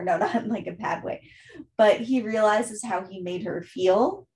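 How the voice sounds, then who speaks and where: A woman's voice: mid-range voice, steady tone, a little slow, a little mellow, slight background noise. Chatty woman recapping a plot. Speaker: book podcast co-host. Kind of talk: casual book discussion.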